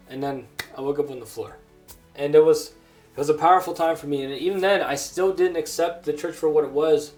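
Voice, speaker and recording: A grown man preaching a personal testimony sermon, earnest and halting, with many restarts. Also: on the high side, a little mellow, soft background music. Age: adult.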